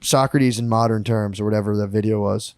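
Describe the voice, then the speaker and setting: A man co-hosting a podcast, chatting casually and telling animated, profane stories full of put-on quotes. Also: lowish voice, brisk, dry recording, studio quality. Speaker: podcast co-host. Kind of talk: casual chat.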